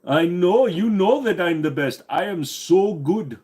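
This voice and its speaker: A man's voice: high-pitched, animated, unhurried, darkish tone, voice pushed up. A man voicing a smug, greedy male phone scammer in a mock Indian accent, wheedling and self-praising. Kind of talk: comedic skit on a livestream.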